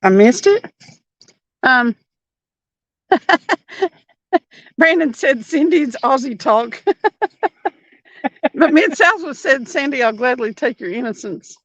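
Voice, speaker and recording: A woman's voice: sits high, animated, takes it slowly, pauses often, dry recording. A woman hosting a fishing livestream from a boat, chatting casually, giggling often and reading viewer comments aloud. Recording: dull muffled audio.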